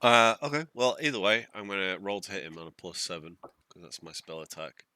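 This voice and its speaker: A man's voice: sits low, lively intonation, fairly quick, sharp tone, smooth. A man playing a tabletop game, chatting and checking the rules aloud as he works through his turn. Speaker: player. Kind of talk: casual chat during a tabletop game.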